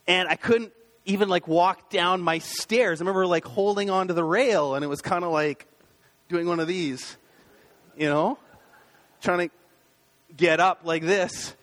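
A man in his thirties gives a relaxed, conversational sermon from the pulpit. His voice sits high for a man, and he talks with plenty of fillers and restarts. He often slips into the inner voices of doubt he is describing. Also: a little slow, long pauses. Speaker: pastor. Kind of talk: casual sermon.

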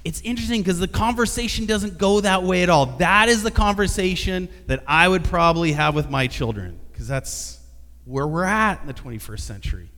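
Man preaching with an animated storytelling manner, fairly high voice, long hall reverb. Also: moderate pace. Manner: animated storytelling, acting out dialogue. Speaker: pastor. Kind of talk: sermon.

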